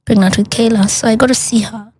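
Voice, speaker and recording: A woman, a guest recounting a personal loss in an interview, animated and earnest, acting out the dialogue. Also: on the high side, fast, slightly rough.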